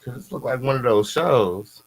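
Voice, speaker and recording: A male commentary host reads posts out loud and reacts casually, talking at a normal speed in a creaky voice over poor audio with a faint hum behind him. He's animated and repeats catchphrases, and when he gets hyped his pitch jumps and he turns loud and squeaky.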